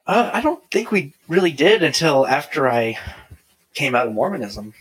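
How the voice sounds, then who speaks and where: A man's voice: a little high, normal speed, breathy edge, rough recording. A man recounting a personal faith story in casual conversation, often quoting himself. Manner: animated storyteller, quotes himself in lively voices. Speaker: guest telling his conversion story.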